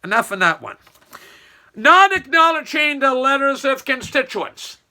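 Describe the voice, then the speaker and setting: A man's voice: very high voice, sing-song, a little slow, bright, forceful tone. A man giving a sarcastic, opinionated political commentary monologue. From Nova Scotia. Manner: sarcastic, mocking storytelling. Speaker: online commentator.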